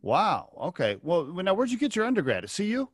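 A man's voice: high voice, huge pitch swings, a little fast. Chatty male podcast host. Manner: chatty, repeats himself, affirming okays. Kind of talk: podcast interview, read sponsor intro. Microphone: video call.

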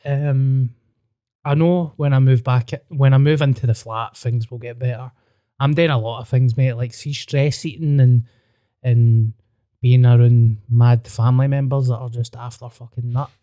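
A man's voice: mid-range voice, steady tone, normal speed, dark tone, no room sound, studio quality. Sweary man in his thirties. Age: 30s. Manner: sweary, self-mocking, blunt. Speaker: podcast co-host. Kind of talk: casual chat.

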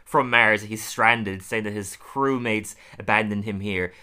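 A man with a lowish, steady, clean voice speaks unhurriedly in a bright, forceful tone. He's casually recapping cartoon episodes for a podcast, chatting, laughing often, using lots of fillers and acting out quotes.

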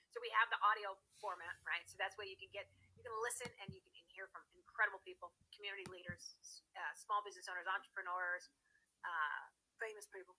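A woman's voice: medium pitch, pushed and bright, slightly rough, rough recording. A woman guest, herself a radio host, chatting in a casual interview, rambling and laughing as she explains things.

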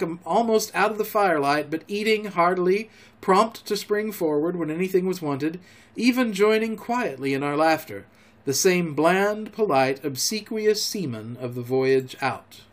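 Man reading an adventure story aloud. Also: sits high. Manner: measured, expressive narration. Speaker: podcast storyteller.

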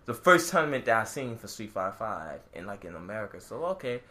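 A man's voice: fairly low pitch, big pitch swings, quick pace, pushed and bright. A man co-hosting a podcast, telling a rambling, profane story in casual chat and laughing often. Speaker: podcast co-host.

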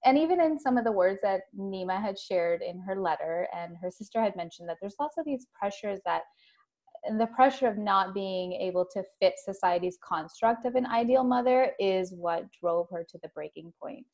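A woman's voice: medium pitch, animated, normal speed, darkish tone. A woman hosts a conversational interview, trading questions with open, personal storytelling. Her voice sits in a middle register. The recording has a somewhat dull, lo-fi quality. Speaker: podcast host.

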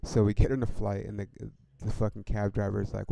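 A man's voice: lowish voice, flat delivery, fast, creaky, mellow, dry recording. A young man hosting a podcast, telling a rambling story in a laid-back, profane way, peppered with "dude" and "like". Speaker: podcast host.

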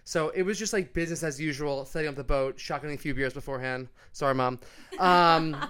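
American man, twenties, podcast guest, relaxed and jokey, casual chat. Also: on the high side, a little fast. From New York, US. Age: 20s. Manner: easygoing, joking storyteller.

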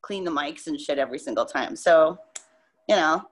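A woman's voice: sits low, moderate pace. Loose, cussing woman podcast guest. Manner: loose, profane, animated storytelling. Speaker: musician and interview guest. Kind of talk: casual interview chat.

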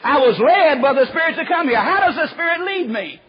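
A man preaching a folksy storytelling sermon, acting out the quoted voices and dropping to a hush at times. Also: very high voice, lively intonation, brisk. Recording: muffled lo-fi recording.

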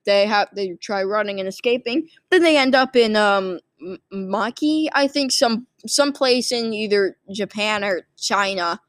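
A sleepy, yawning woman who makes movie recap videos casually rambles through a film's plot, packed with fillers and restarts. Her voice is medium-pitched and measured in pace, with no echo.

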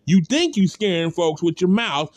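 Blunt high-voiced man ranting. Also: sing-song, moderate pace, no echo. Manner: blunt, repetitive, rhetorical calls. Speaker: commentator. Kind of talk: impassioned spoken rant.

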